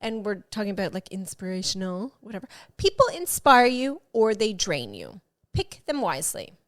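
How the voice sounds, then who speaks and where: A woman's voice: mid-range voice, very animated, normal speed. A woman in her forties co-hosting a casual podcast, teasing and giggly. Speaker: podcast co-host. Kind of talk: casual chat.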